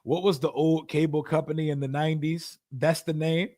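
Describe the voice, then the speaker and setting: A man's voice: on the high side, little pitch movement, normal speed, dark tone, dry recording, studio quality. A young man hosting a live reaction stream, talking casually and profanely, often addressing his chat directly. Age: young adult. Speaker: livestream host.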